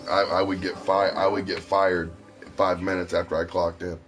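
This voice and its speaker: A man's voice: deep voice, level tone, a little slow, fairly bright tone, soft background music. A man from Ohio telling rambling personal stories in a casual, profane way. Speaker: stream host. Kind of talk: casual storytelling.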